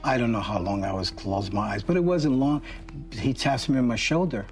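A man hosting a boxing talk show, telling a story with lively acted quotes. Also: mid-range voice, moderate pace, far from the mic, faint music behind. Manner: animated anecdote with acted quotes. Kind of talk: casual storytelling.

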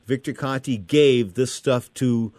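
A man hosting a sports talk radio show, excitable and rambling, telling stories full of asides. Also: mid-range voice, measured pace, no room sound.

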